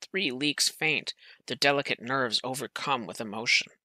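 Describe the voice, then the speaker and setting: Bright-voiced man reading a storybook. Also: mid-range voice, normal speed, no echo. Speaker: reader. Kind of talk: reading a children's book aloud.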